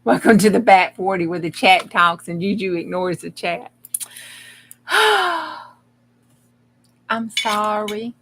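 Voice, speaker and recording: A woman's voice: medium pitch, fairly even intonation, moderate pace, hardly any pauses, fairly bright tone, a little hiss or hum. A woman, chatting in a rambling, folksy way to her live audience while she crafts. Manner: rambling, folksy, talks to the chat as she works. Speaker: crafting livestream host. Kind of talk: casual chat while crafting.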